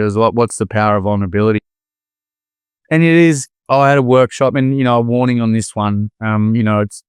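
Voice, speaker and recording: A man's voice: fairly low pitch, clear, resonant tone, no echo, studio quality. Earnest Australian man telling stories. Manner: earnest, animated, uses mate and slang. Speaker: guest, former primary school teacher. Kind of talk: casual conversational storytelling.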